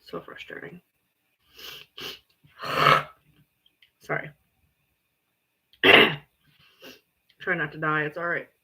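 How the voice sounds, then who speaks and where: Woman ranting on a livestream, lowish voice with a sharp edge, swears a lot. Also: level tone, very slow, vocal fry, long pauses, breathy edge. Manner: blunt, exasperated and profane. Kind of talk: casual livestream chat.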